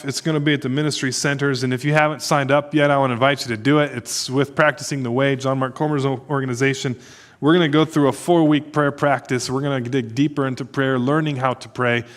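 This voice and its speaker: A man preaching as a pastor, closing a sermon and leading the church into earnest, hushed prayer. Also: medium pitch. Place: church service.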